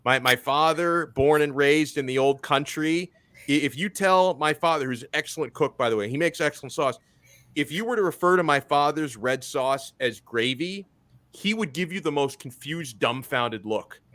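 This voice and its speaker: A man hosting a sports talk show in casual chat, joking and animated, often repeating himself as he talks. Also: on the high side, normal speed, no room sound. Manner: joking, animated, stumbles over words.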